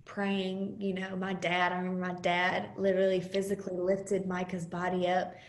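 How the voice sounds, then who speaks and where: Woman sharing her story on a video call, halting and earnest, kinda raspy, roomy sound. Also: lowish voice, monotone. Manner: earnest and halting, with many pauses and fillers. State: close to tears at times. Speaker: conference guest speaker. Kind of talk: personal testimony over video call.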